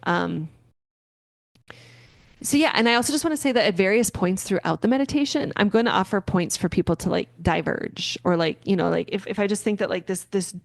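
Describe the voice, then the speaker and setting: A woman hosting a podcast, explaining a meditation in a rambling, filler-heavy, gently encouraging way. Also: mid-range voice, vocal fry, no echo, clean studio sound. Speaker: podcast host. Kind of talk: casual spoken explanation.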